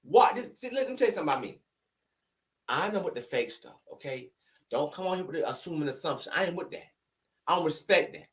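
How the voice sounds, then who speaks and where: A man's voice: a little high, animated, fast talker, fairly bright tone, distant mic. A man delivering a heated, argumentative opinion rant to the camera, repeating rhetorical questions to drive home his point. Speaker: online commentator. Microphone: camera-facing recording.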